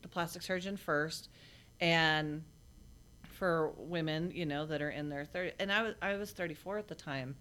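A woman with a low voice talks casually as an interview guest. She recounts her story bluntly and plainly, with frequent halting restarts and fillers. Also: fairly bright tone, smooth. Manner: blunt, matter-of-fact.

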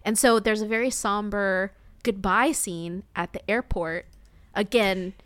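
A woman co-hosting a podcast, recapping a movie in casual chat, animated and swearing, laughing often. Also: medium pitch, unhurried. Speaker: podcast co-host.

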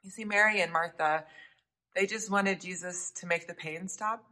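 A woman preaching a sermon, earnest, often dropping to soft hushed tones for emphasis. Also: lowish voice, steady tone, moderate pace, rough recording.

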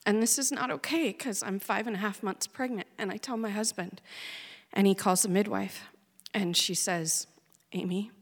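A woman's voice: mid-range voice, moderate pace. A woman in her thirties from Oregon, telling an earnest, emotionally raw personal story on stage. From Oregon, USA. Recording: long hall reverb.

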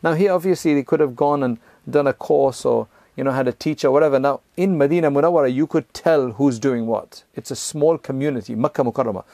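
A man's voice: medium pitch, a little fast, few pauses, warm tone, dry recording. A man giving a conversational religious lesson, explaining step by step, often checking in with "right?" and "you know", and sometimes chanting verses in Arabic. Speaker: Islamic teacher.

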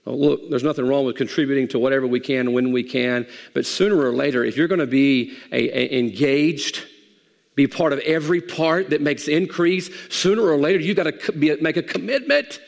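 A man's voice: medium pitch, brisk, gravelly, in a large hall. A man preaching a sermon as pastor in a folksy, conversational way, in a church sanctuary.

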